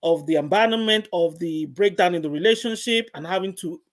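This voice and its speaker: A woman's voice: fairly low pitch, brisk. A middle-aged woman, a guest, gives an earnest personal faith testimony and repeats phrases for emphasis.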